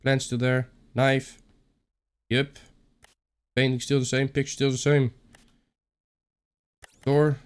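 A man's voice: medium pitch, flat delivery, slow pace, long pauses, smooth. A young man with a Dutch accent giving playful, muttered commentary on a horror game playthrough, talking to himself and joking. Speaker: gaming YouTuber.

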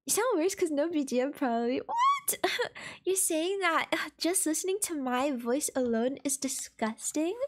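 A woman's voice: sits high, animated, moderate pace, few pauses, a little hiss or hum. A woman with a stuffy, congested nose, chatting casually and playfully with her live-stream audience, giggling and teasing. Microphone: desk microphone.

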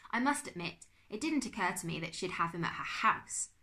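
A woman reading aloud and voicing a fussy, excitable middle-aged uncle who exclaims and splutters. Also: fairly low pitch, brisk. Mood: explaining.

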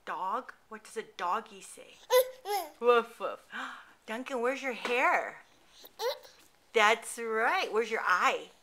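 High, bright, slow-talking mother. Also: lively intonation. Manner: sing-song, encouraging, praising. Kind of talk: playful baby talk with a toddler. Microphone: built-in camcorder mic.

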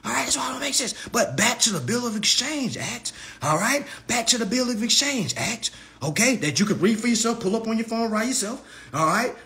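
A man's voice: very high-pitched, expressive, brisk, sharp tone. A man ranting on a livestream in a brash, taunting way, repeating "all right? okay?" to drive his points home. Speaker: livestream host.

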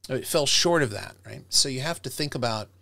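Middle aged prof man teaching speech class, bright punchy voice, dry close mic. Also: mid-range voice, fairly quick, gravelly, no room sound. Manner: animated, direct, demonstrates tones by acting them out. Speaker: professor teaching public speaking. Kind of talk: lecture to students.

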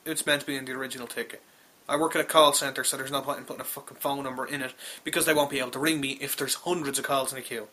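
A man's voice: mid-range voice, steady tone, very fast, hardly any pauses, bright, forceful tone. Exasperated, profane Irish storyteller man. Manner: exasperated, profane, rambling storytelling with many restarts. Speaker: call centre worker telling a story. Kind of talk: casual spoken anecdote.

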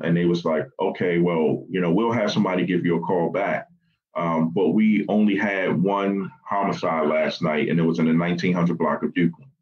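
A very low-voiced man with a Baltimore accent tells his story in a halting, conversational way, full of fillers and restarts. He often slips into quoting the people he spoke with. The podcast audio sounds a little dull. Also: a little mellow. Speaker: guest recounting family loss. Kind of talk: personal storytelling in a podcast interview.

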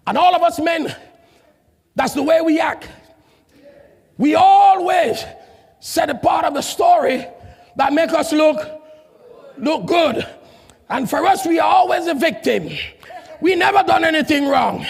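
A man preaching a sermon as pastor, calling out questions to the congregation with a shouting call-and-response manner and non-native grammar, recorded in a large church hall. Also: very high voice, unhurried, vocal fry, long pauses. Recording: long hall reverb, congregation faint.

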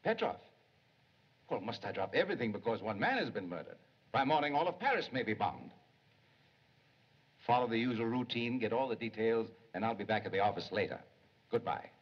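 A harried police chief, brushing people off with a husky voice that rises and falls sharply. The sound is dull and lo-fi, like a 1930s film. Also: male voice, medium pitch, expressive, a little fast, pauses often. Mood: impatient. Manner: brusque and dismissive.

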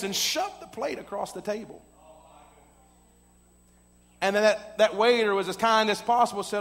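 High-voiced preacher in an echoing church. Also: male voice, moderate pace, long pauses. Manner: animated storyteller who builds to shouting, with many "uh" fillers. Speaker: pastor. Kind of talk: storytelling sermon. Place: church sanctuary.

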